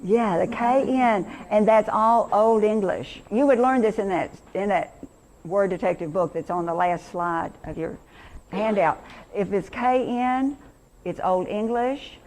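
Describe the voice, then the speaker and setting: A woman's voice: mid-range voice, a little mellow. A middle-aged woman teacher leading an interactive workshop lesson, enthusiastic and quizzing her audience.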